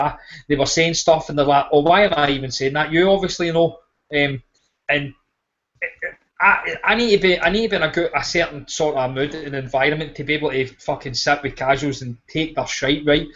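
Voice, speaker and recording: Scottish man, high voice, sweary ranting, boxing podcast chat, dull lo-fi sound. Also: a bit bright. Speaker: podcast host. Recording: lo-fi podcast audio.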